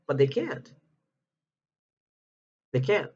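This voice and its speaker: A man's voice: mid-range voice, big pitch swings, extremely slow, a little mellow, slightly rough. A man speaking in an upset personal video, agitated, repeating himself and breaking off mid-word as he pleads for help. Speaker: vlogger asking for help. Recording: dull lo-fi audio.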